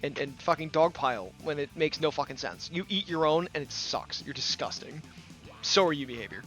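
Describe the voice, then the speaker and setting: A man's voice: a little high, lively intonation, brisk, a bit bright, faint music behind. A man ranting angrily in a gaming commentary video, blunt and full of profanity.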